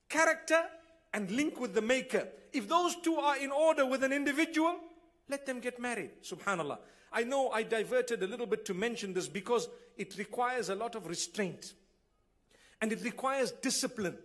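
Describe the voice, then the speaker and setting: Male preacher, high voice, earnest, rhetorical questions and loud exclamations, sermon to a gathering. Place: gathering hall.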